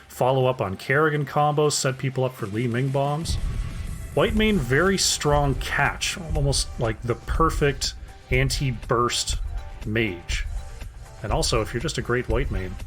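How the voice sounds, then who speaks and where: A man's voice: medium pitch, lively intonation, normal speed, a bit bright, faint music behind. A man casting an esports draft solo, chatty and casual, talking to his chat between picks. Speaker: esports caster.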